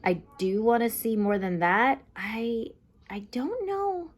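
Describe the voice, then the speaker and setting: A woman's voice: fairly high pitch, very animated, slow. A young woman giving a casual, chatty TV episode recap and review, full of fillers like "um" and "like". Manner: chatty, lots of fillers like "like" and "um", acts out quotes.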